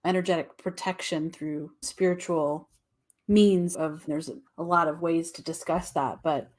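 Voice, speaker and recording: A woman hosting a podcast. She asks her guest questions and reads the outro in a quick, upbeat way. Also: deep voice, steady tone, darkish tone. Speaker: podcast host. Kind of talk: interview questions and scripted outro.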